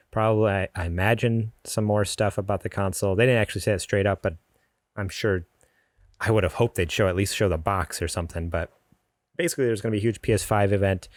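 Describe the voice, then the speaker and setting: A man's voice: lowish voice, no room sound, clean studio sound. A man co-hosting a podcast, talking casually in his garage, with lots of fillers and restarts. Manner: rambling, frequent fillers and restarts. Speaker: podcast co-host. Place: home garage with door open.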